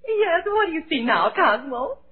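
An actress playing a fussy, doting wife who gushes and sobs melodramatically, in 1940s radio comedy style. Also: female voice, very high-pitched, very animated, moderate pace, heavy background noise. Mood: melodramatic weeping. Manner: melodramatic, gushing and sobbing. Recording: tinny old radio broadcast.

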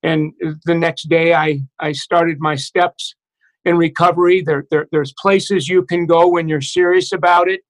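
High-voiced man telling his story haltingly. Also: fairly even intonation, low-quality recording. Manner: halting, many restarts and fillers, reflective. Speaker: guest. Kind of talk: personal recovery story in conversation.

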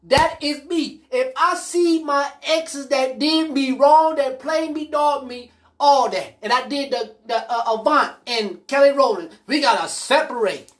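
A woman hosting a podcast, telling personal stories in a blunt, profane, animated way. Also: sits high, a little slow. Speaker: podcast host. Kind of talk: casual monologue storytelling.

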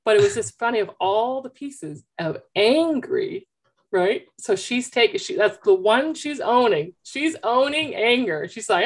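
A woman coach talking with parents in an animated, chatty storytelling way, through a headphone mic. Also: on the high side, unhurried. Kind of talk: consultation with parents.

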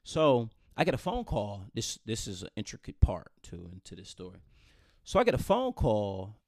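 A man telling a personal story on a podcast in slangy, animated casual talk. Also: lowish voice, normal speed, no room sound, studio quality. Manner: animated, slangy, acts out voices. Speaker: podcast host.

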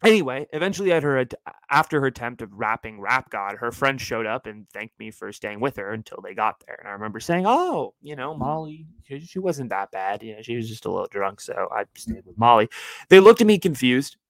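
A man in his twenties from California, telling a story on his podcast in an animated, chatty way. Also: mid-range voice, brisk, no echo, poor audio. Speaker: podcast host.

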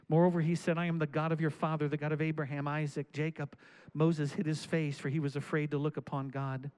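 A man preaching a sermon, reading scripture aloud and commenting on it, and building up to shouted calls to the congregation. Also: fairly high pitch, little pitch movement, quick pace, clear, resonant tone, low-quality recording. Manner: preaching with rising, shouted exhortations. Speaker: pastor.

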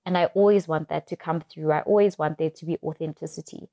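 A young woman talks through a reflective podcast monologue, her voice set a little low and mellow in tone. She enunciates each word with deliberate care. The sound is close and dry, with no room echo. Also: fairly even intonation. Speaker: podcast host.

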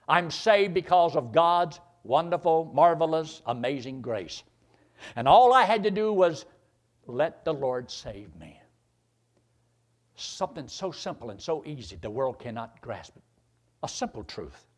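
An older man preaching a sermon, climbing to loud emphatic peaks and then dropping low and quiet. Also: very animated, measured pace.

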